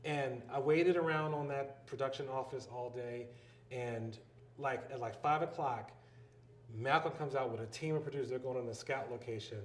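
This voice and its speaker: A man's voice: medium pitch, normal speed, slight background noise. A man with a Philadelphia accent, a filmmaker and educator, telling stories in an interview and acting out the people in them. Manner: animated storyteller, acts out quoted voices. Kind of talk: storytelling interview talk. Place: live event venue. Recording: roomy live event recording.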